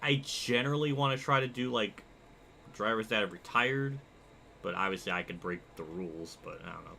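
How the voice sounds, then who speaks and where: A young man streaming a racing game, chatting casually and reacting excitedly while reading his chat. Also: fairly low pitch, brisk, vocal fry, slight background noise. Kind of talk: live gameplay commentary.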